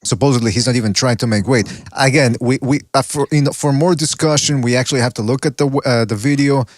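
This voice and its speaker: Male podcast host, rapid delivery, dry close sound, keeps steering the chat. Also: medium pitch, no echo. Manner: fast, steers talk, cuts in to move on. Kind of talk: casual boxing podcast chat.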